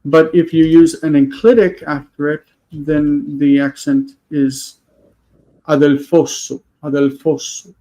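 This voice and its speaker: A man teaching a grammar lesson on a video call, explaining patiently and slowing down to spell out words. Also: fairly high pitch, steady tone, warm tone, rough recording. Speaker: Hebrew teacher. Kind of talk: online class lesson.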